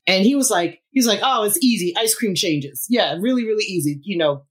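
A woman's voice: mid-range voice, brisk, breathy edge. Musician lady in her 50s telling a story on an interview, lots of laughs, voices the other people. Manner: animated, laughs often, acts out quotes. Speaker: guest musician.

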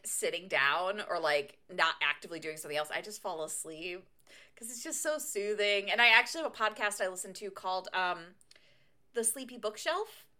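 Bright-voiced woman in casual book chat. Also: mid-range voice. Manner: chatty, laughs often, recaps plot at length. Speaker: podcast co-host.

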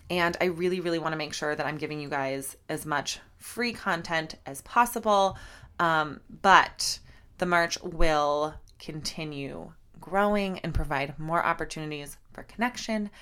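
A woman's voice: sits low, fairly bright tone. A young woman hosting a casual solo podcast, heartfelt and gushing, teary and close to crying, with lots of repeated words and fillers. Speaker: podcast host and fitness instructor.

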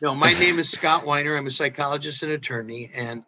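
A man's voice: on the high side, fairly quick, bright, forceful tone, low-quality recording. An older man who is a psychologist and attorney, joking about himself in a casual podcast chat. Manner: self-deprecating joking.

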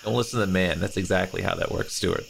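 A man playing in a tabletop game, gruff and scheming in his banter. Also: deep voice, steady tone, quick pace, rough recording. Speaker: player. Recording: loud background hiss.

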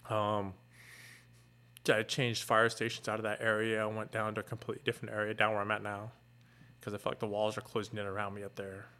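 Bright-voiced man telling a hard story. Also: fairly low pitch, monotone. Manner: earnest, halting, emotional retelling with restarts. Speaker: fire captain and guest. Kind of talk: candid personal storytelling.

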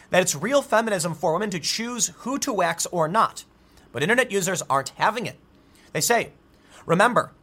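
A man hosting an opinion commentary, reading out articles and reacting with animated asides and frequent restarts. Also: fairly high pitch. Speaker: political commentary host.

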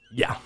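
A man's voice: pushed and bright, dry recording. A young man telling rambling, laugh-filled stories as a guest on a casual podcast. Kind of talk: casual storytelling chat.

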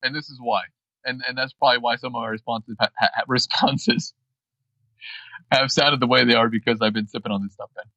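Casting: male co-host, bright forward voice, dull lo-fi remote audio, halting casual delivery. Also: medium pitch, fairly even intonation, no room sound. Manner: halting, restarts often, laughs easily. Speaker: podcast co-host. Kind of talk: casual chat.

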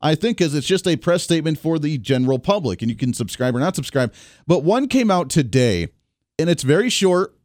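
A man's voice: fairly high pitch, darkish tone, no room sound, studio quality. A man hosting a radio talk show, giving political commentary in a chatty, wry way. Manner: chatty, wry, frequent restarts.

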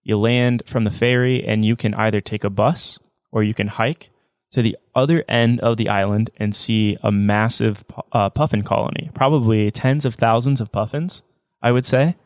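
A man with a fairly low voice hosts a relaxed travel podcast. He talks eagerly and keeps restarting his sentences. His voice sits close and dry, with no room sound. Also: normal speed, dry recording. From United States. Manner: enthusiastic, frequent restarts. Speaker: podcast co-host. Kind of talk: casual travel chat.

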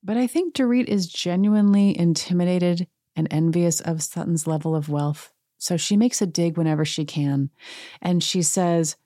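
A woman with a lowish, mellow voice chats casually through a recap, full of sarcastic asides. Her sound is close and dry, with no room around it. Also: dry recording. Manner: sarcastic, chatty, quick to mock. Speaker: podcast host recapping a reality show. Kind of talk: casual chat.

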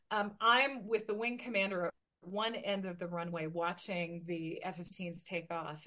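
Woman telling a lively personal story. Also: medium pitch. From Oregon, USA. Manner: lively, animated storytelling with quoted voices. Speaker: interview guest. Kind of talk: storytelling in a casual interview.

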